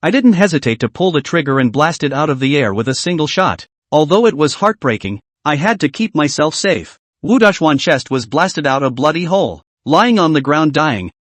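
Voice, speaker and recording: A man narrating a story recap in the first person, scripted and brisk. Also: on the high side, no room sound.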